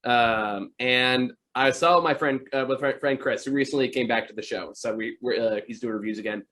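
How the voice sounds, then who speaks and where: A man's voice: medium pitch, moderate pace, bright, forceful tone. Male podcast host, casual rambling storyteller, filler-heavy. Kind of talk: casual chat.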